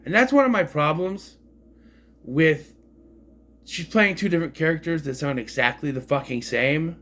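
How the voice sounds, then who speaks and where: A man's voice: a little high, moderate pace, fairly bright tone. A man casually reviewing a film, rambling and frank, swearing freely as he complains. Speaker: movie reviewer.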